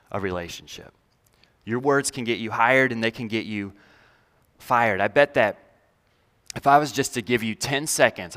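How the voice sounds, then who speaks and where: A man's voice: lowish voice, a bit bright, in a large hall. A man leading a church message in a loose, conversational way, with many fillers and self-deprecating humor. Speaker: pastor. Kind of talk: sermon. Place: large church hall.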